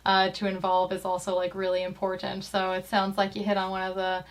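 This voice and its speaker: A woman guest co-host in casual chat, relaxed, often humming agreement while the other speaks. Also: medium pitch, fairly quick. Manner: relaxed, frequent backchannel hums. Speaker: guest co-host, competition organizer.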